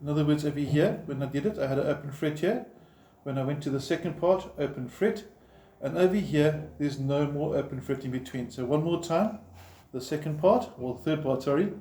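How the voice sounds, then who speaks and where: A man's voice: on the high side, fairly quick, mellow. Patient guitar teacher man, roomy sound. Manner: patient, explains while playing, counts in. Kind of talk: step-by-step guitar lesson. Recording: roomy echo, guitar playing behind.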